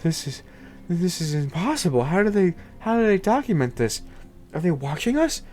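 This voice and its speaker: A man's voice: sits high, big pitch swings, moderate pace, a little mellow, faint music behind, pitched above the performer's own voice. Man doing a stranded space knight, earnest and urgent. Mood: bewildered.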